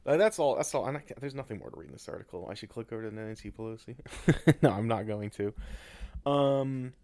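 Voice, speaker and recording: A young podcast host speaks briskly with animation in a medium, slightly mellow voice. He rambles casually, swearing, laughing a lot and poking fun at himself often.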